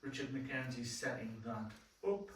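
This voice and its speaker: A man's voice: medium pitch, fairly even intonation, moderate pace. Plainspoken man in an echoey council room. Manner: plainspoken and colloquial. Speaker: councillor giving a report. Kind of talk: council meeting report. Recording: very echoey room, distant mic, faint noise.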